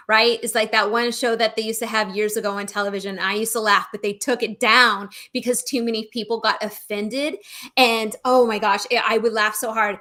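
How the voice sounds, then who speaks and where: A woman co-hosting a casual spiritual chat, telling stories in a chatty, animated way. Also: a little high, moderate pace. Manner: chatty storyteller, animated, laughs often. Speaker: show co-host.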